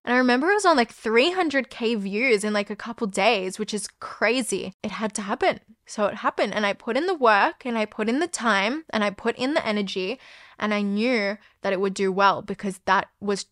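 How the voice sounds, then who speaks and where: A woman's voice: medium pitch, brisk, fairly bright tone, no echo, clean studio sound. A young woman, hosting a podcast and telling a personal story in a candid, chatty way, full of "like" and the odd swear word. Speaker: podcast host.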